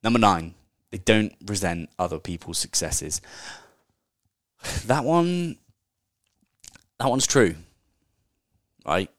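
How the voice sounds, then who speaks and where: A man hosts a casual solo podcast in a notably deep voice. He speaks candidly and conversationally, dropping the occasional swear word. His voice is recorded close and dry, with no room sound. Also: big pitch swings, slow pace, pauses often, dry recording. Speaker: podcast host.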